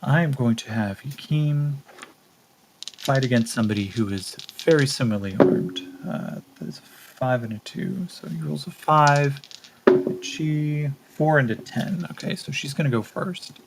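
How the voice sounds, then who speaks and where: A man narrating a solo tabletop role-playing game as game master, thinking aloud with relaxed fillers. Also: mid-range voice, measured pace, creaky, very noisy.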